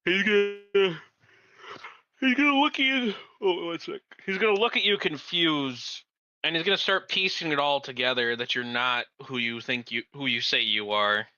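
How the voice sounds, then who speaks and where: Bright-voiced man running a tabletop game. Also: a little high, normal speed, no room sound. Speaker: game master. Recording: dull, lo-fi mic.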